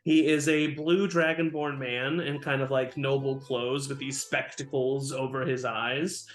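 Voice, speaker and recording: A man's voice: medium pitch, level tone, unhurried. A man narrating as game master of a tabletop game, in a loose style with lots of fillers. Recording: roomy with faint music.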